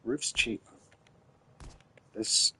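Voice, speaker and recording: A man's voice: extremely slow, pushed and bright, slight background noise, rough recording. A man giving rambling, casual commentary as he plays a game late at night, tired and repeating himself while handing out tips. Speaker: gamer streaming his play.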